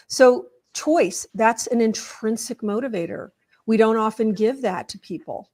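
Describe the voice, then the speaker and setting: A woman's voice: a little high, normal speed, mellow. A woman guest on an interview show, earnestly explaining ideas with stories and examples.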